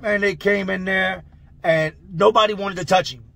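Gravelly, husky man telling a story. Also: high voice, moderate pace. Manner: loose, slangy, animated, laughs through the tale. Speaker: channel host telling prison stories. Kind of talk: casual storytelling.

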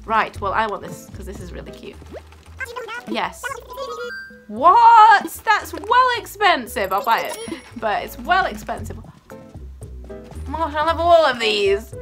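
A woman's voice: fairly high pitch, unhurried, long pauses. A woman hosting a let's play, chatting and giggling as she plays. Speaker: gaming channel host. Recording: game music behind.

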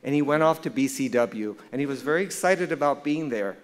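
An older man speaks from a stage at an awards event, telling a funny story. He acts out each line of dialogue with animated humor. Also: mid-range voice, brisk. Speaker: award presenter. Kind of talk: storytelling speech. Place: event stage before an audience.

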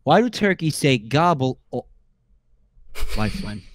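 A man on a stream reading out a list of jokes in a weary, deadpan way, sounding exasperated. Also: mid-range voice, a little slow, dry recording. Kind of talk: casual stream chat.

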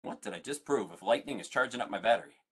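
A man's voice: fairly low pitch, expressive, fast talker, fairly bright tone, husky. A man, a museum science educator, leading an online family science lesson, playful and full of questions for his audience.

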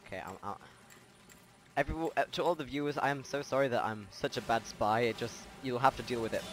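A man chatting casually while playing a game with a friend, excitable, often stammering and repeating himself. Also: mid-range voice, fast. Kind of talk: casual gameplay chat.

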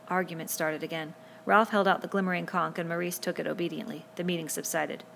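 A woman narrating a novel aloud in a steady, measured reading voice. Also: on the low side, creaky, slight background noise. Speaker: audiobook reader.

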